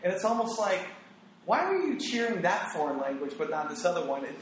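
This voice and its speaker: A man hosting a casual podcast chat, giving animated, opinionated takes with quoted asides. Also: high voice, normal speed, slight background noise. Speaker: podcast host. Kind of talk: casual conversational podcast talk. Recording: very echoey room.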